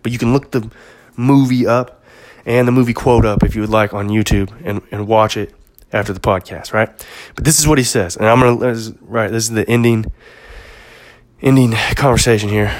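A man's voice: lowish voice, slight background noise. Impassioned man ranting on a podcast. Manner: impassioned, profane, drops to a hush for storytelling. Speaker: podcast host. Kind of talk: monologue rant.

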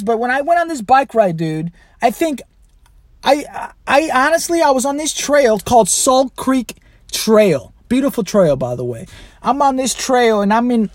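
A man with a high voice tells a rambling, profane story on his podcast, swearing freely as he goes. His pitch swings widely. The sound is dry and close, with little room around it. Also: dry recording. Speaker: podcast host. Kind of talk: casual monologue.

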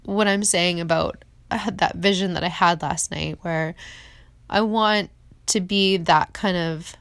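A woman's voice: on the low side, steady tone, a little slow, fairly bright tone, dry recording. A woman in her forties hosting a podcast, talking off the cuff in an emotional, rambling way, speaking into a phone she holds. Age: 40s. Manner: emotional, rambling, tearful at times. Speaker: podcast host. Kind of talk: off-the-cuff personal monologue. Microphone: phone held in hand.

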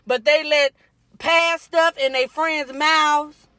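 A playful woman with a high, bright voice talks expressively in a relaxed chat. Her voice is close and dry. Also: slow, no echo. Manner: expressive, playful, laughs often. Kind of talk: casual chat.

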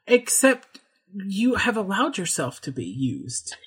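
A woman's voice: mid-range voice, huge pitch swings, slow pace, a bit bright, slightly rough. A woman co-hosting a podcast, blunt and opinionated in casual chat, teasing and swearing freely. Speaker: podcast co-host.

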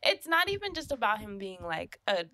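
A young woman co-hosting a podcast in casual chat, emphatic and animated, acting out quotes. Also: medium pitch, a little fast, no room sound, studio quality. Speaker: podcast co-host.

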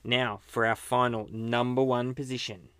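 A man's voice: mid-range voice, little pitch movement, moderate pace, fairly bright tone, smooth. A man hosting a casual movie countdown and chuckling at his own slips. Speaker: podcast host.

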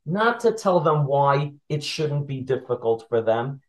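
A man's voice: mid-range voice, big pitch swings, a little slow, rough recording. A man who teaches Torah, retelling a Talmud story as a lesson and asking his listeners questions as he goes.

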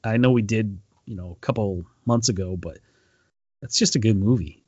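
A man's voice: lowish voice, normal speed, darkish tone, breathy edge, no room sound, lo-fi sound. A man co-hosting a podcast, retelling a story in a rambling casual way with lots of ums and restarts. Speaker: podcast co-host. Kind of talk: casual chat.

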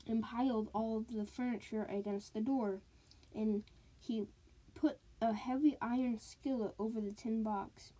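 A woman's voice: on the high side, warm tone, rough recording. A woman telling spooky folk tales aloud, with sound words and sing-song repeated lines. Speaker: storyteller. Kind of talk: spooky storytelling.

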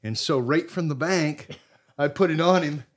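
Podcast guest, man from Maine, lively storyteller. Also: a little high, moderate pace. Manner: animated storyteller, swings loud and soft. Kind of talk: casual storytelling.

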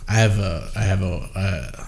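A man's voice: low voice, moderate pace, darkish tone, slight background noise. A young man co-hosting a podcast, rambling and joking in casual chat, full of fillers. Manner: rambling, jokey, filler-heavy. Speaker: podcast co-host.

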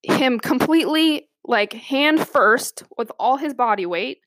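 A woman's voice: high voice, unhurried, no echo. A woman police officer telling a funny work story in casual chat, laughing often and acting out the voices of others. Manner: animated, laughs often, acts out quoted voices.

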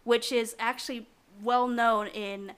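A woman's voice: fairly high pitch, steady tone, measured pace, fairly bright tone, slight background noise. A woman co-hosting a podcast, explaining things in a rambling casual chat with lots of fillers. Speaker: podcast co-host.

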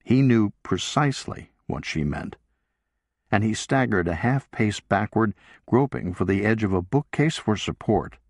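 A man reading a novel aloud as an audiobook narrator, in a measured, deliberate way. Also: lowish voice, animated, dry recording, clean studio sound. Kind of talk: scripted narration.

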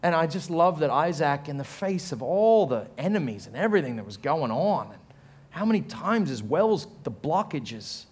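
Animated Australian pastor preaching, high voice. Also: male voice, normal speed, husky. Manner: animated storytelling, acts out quotes in a raised voice; self-mocking humor, laughs while telling stories. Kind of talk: sermon.

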